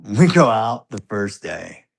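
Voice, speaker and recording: Gravelly middle-aged man telling a story. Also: lowish voice, slow pace. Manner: animated, swings from hushed to loud and excited. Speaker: grieving father being interviewed. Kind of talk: emotional storytelling in an interview.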